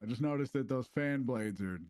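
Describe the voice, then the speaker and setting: A man's voice: mid-range voice, fairly quick, noisy background. A man playing a police trainer, explaining rooms in a casual, instructive role-play walkthrough. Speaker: police trainer giving a station tour.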